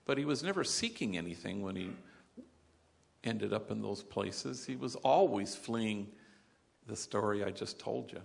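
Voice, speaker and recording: A man telling a moving story to an audience in a recorded talk, getting loud as he retells it and going quiet as he reflects. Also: fairly low pitch, animated, a little slow, vocal fry. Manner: earnest storyteller, rising loud in retold moments, dropping quiet in reflection. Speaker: speaker on gang work.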